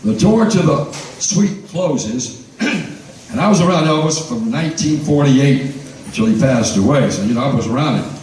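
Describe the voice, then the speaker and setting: An older man from the who rambles through anecdotes for a live audience, clearing his throat often. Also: medium pitch, darkish tone. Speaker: guest storyteller at a fan reunion. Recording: echoey hall from far off, faint noise.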